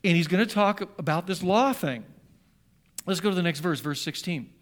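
A middle-aged man with a fairly high voice preaches to his congregation. He talks loosely, circling back and restarting his sentences, with wry asides as he works through the scripture. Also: animated, normal speed. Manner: rambling and self-correcting, with wry asides. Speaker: pastor. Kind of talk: sermon.

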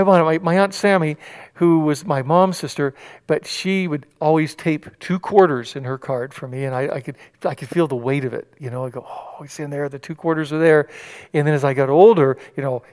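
Animated preacher in a reverberant hall. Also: male voice, a little high. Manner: animated, acts out quoted voices, many restarts. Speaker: pastor. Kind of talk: sermon.

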